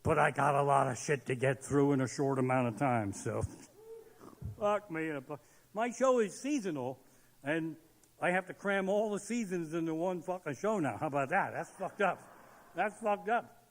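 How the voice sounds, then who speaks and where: A man doing a profane stand-up comedy set on stage, ranting and shouting his punchlines. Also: fairly high pitch, lively intonation, moderate pace. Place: live comedy stage in a large hall. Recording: live venue with long hall reverb.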